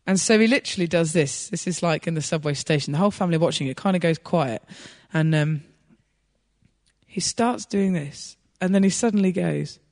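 A woman preaching a sermon, telling a personal story in an animated way and laughing as she goes. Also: lowish voice, a little fast, long reverb tail.

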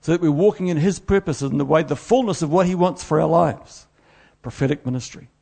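A middle-aged man preaches, his voice gravelly and a little husky. He tells stories with animated, self-deprecating energy. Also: fairly high pitch, a little fast. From New Zealand. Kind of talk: sermon.

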